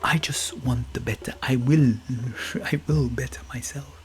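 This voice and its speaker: A man's voice: mid-range voice, fairly even intonation, measured pace, slight background noise. A middle-aged man from Guyana with a Guyanese Caribbean accent, hosting a reflective motivational podcast monologue, musing, repeating words and checking in with "you get me?". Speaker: podcast host. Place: England.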